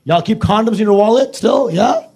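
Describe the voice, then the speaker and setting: A man with a high, bouncy voice doing stand-up into a handheld mic. He is brash and profane and slips into silly accents and impressions. His pitch leaps up and down all through the bits. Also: expressive, normal speed, dark tone. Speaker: stand-up comedian. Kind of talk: stand-up comedy set. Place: comedy club stage before a live audience.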